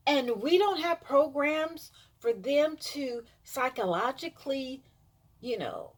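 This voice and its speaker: A woman's voice: high voice, expressive, takes it slowly. A woman vlogging an emphatic, insistent opinion monologue, repeating herself for emphasis.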